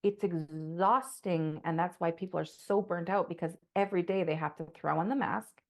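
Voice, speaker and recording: This podcast co-host speaks at normal speed in a lowish voice with fairly even intonation. Her casual monologue is passionate and meandering, peppered with profanity and lots of "like"s.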